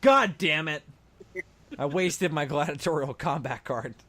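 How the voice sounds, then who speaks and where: A man's voice: on the high side, measured pace, fairly bright tone. A man co-hosting a podcast, chatting casually and a bit mumbly during a card game. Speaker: podcast co-host.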